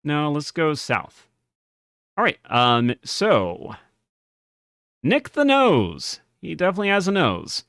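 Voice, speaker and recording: A man's voice: a little high, wildly swooping pitch, slow, pauses often, a bit bright, no echo, clean studio sound. A man giving casual gameplay commentary, chatty and often laughing, reading game text aloud as he plays. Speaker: game streamer.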